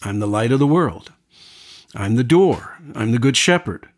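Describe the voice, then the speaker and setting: A man, a pastor, explaining Bible passages in relaxed conversation, retelling stories and quoting lines with animated delivery. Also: mid-range voice, moderate pace. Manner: animated storytelling with quoted voices, frequent restarts.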